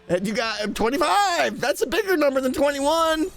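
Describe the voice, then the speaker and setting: A man's voice: very high voice, very animated, moderate pace, creaky, few pauses, fairly bright tone, soft background music. A man streaming live, rambling and laughing as he thanks viewers in a flustered, casual chat.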